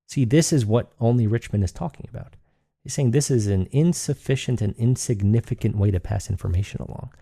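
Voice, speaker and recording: A man's voice: medium pitch, fairly quick, vocal fry, dark tone, no echo, clean studio sound. A man hosting a solo podcast, rambling and thinking aloud with frequent restarts. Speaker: podcast host.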